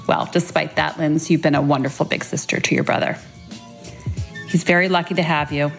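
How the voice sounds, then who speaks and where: Middle-aged mom reading a sweet birthday message, lowish voice, soft music behind. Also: female voice, fairly even intonation, fairly quick, gravelly. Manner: fond storytelling, tender. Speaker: mother leaving a birthday message. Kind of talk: read-aloud birthday tribute.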